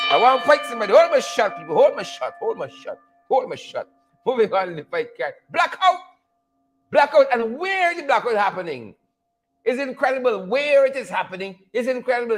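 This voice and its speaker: Speaking in an extremely high, slightly bright voice, a Guyanese livestream host delivers commentary and a rant. He greets his viewers between bursts of sarcastic, preachy fire.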